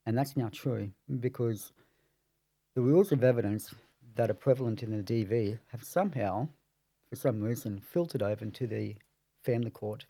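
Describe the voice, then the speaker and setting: Speaking as a family lawyer, a man explains court procedure in a measured, explanatory way. His medium-pitched voice is gravelly, husky and dark, recorded close and dry on a podcast mic with no echo.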